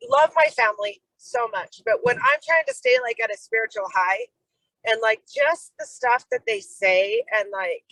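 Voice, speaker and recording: Speaking unhurriedly in a creaky, fairly high voice, a middle-aged woman tells a personal story on a video call as a program member. She performs the dialogue in an animated way, saying "like" often. The recording is dry and the audio poor.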